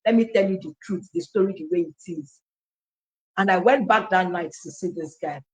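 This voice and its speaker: A Nigerian woman telling her personal story in an animated testimony style, acting out dialogue and slipping into Pidgin phrases. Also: lowish voice, moderate pace, rough recording.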